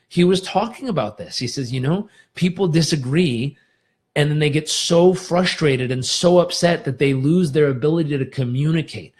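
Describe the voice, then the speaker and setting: A man hosting a motivational live stream, coaching listeners with energy and demonstrating breathing exercises aloud. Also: mid-range voice. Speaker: host.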